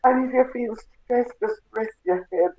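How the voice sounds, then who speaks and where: Tearful Jamaican woman, slow halting speech. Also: high-pitched, lively intonation, creaky. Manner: halting, tearful, repeats phrases. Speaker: bereaved mother telling her story. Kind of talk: emotional personal testimony. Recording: tinny phone-like sound.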